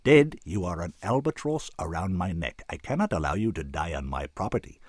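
A man reading an audiobook, voicing a smug, ruthless male tycoon who talks slowly and condescendingly. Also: low voice, big pitch swings, a little mellow, slightly rough, dry recording, clean studio sound, heavily acted. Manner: slow, silky and condescending.

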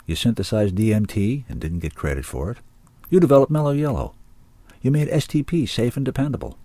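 A man's voice: mid-range voice, fairly quick, dark tone, no room sound, close to an everyday voice. A man reading aloud voices a wary young male musician, speaking bluntly.

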